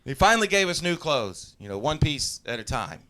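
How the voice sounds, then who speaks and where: A man in his forties from Southeast Texas works a live comedy crowd, his voice bright and forceful. He tells stories in an easy, laid-back way, chuckling at his own lines and sometimes shouting out loud impressions. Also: a little high, sing-song, brisk. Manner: laid-back storytelling, laughing at his own jokes, loud put-on yells. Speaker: stand-up comedian.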